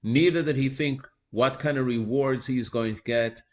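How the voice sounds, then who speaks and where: A man retelling a religious teaching story in a measured, earnest way, pausing often with small fillers. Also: mid-range voice, muffled recording.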